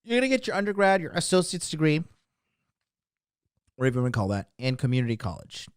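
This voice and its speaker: Fast and sing-song, with a slightly high, clean voice, a dating coach rants on a livestream to his chat, boasting and mocking in a brash manner. He stresses each point with a recurring "okay?", recorded in clean studio sound without echo.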